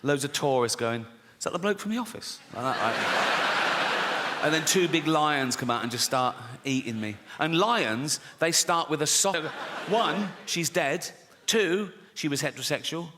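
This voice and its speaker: A man on stage doing stand-up. He talks in a loose, conversational way, swears freely and slips into other people's voices. His voice sits a little high and carries a long hall echo over loud audience ambience. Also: unhurried, background noise. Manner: conversational, swearing, acts out characters. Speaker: stand-up comedian. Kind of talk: stand-up routine.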